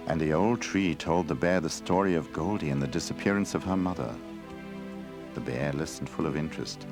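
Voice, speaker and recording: Deep-voiced male storybook narrator. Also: fairly quick. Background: faint music.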